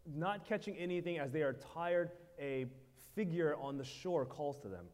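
A man preaching a sermon in short phrases, pausing so an interpreter can follow. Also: a little high, darkish tone. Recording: hall reverb.

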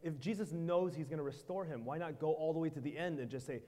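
A man with a fairly high voice preaches a sermon, delivering it in short, clipped phrases with pauses left for an interpreter. His voice rings out into a long hall reverb. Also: mellow.

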